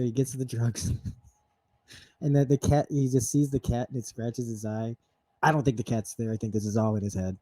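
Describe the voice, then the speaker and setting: A man's voice: mid-range voice, normal speed, warm tone, breathy edge. A man in a rambling, stream-of-consciousness TV recap, talking enthusiastically with frequent laughs. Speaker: host. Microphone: streaming setup mic.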